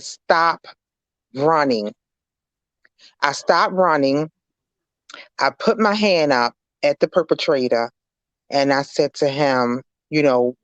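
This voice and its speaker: A woman speaks as an interview guest, telling her own story in earnest, halting testimony. Her words lean on faith. The recording is dry and slightly dull, with a lo-fi edge. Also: deep voice, no echo.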